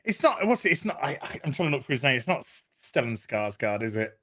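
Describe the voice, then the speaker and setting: A man co-hosting a casual film discussion, animated and jokey, swearing freely. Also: mid-range voice, fast. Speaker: podcast co-host.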